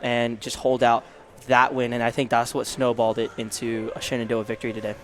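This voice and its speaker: A young man doing color commentary on live college esports, excitable and yelling at big plays. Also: medium pitch, a little fast.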